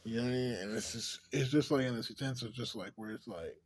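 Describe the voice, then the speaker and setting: Talking to camera in a loose, wandering vlog monologue, a man swears freely, says "like" constantly, and laughs often between thoughts. His voice is mid-range and his pace quick.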